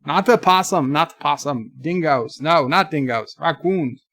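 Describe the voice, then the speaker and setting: A man's voice: on the high side, unhurried, a bit bright, no echo, studio quality. A man putting on a bumbling Quebec character, hesitant and groping for words in a jokey way. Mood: goofy.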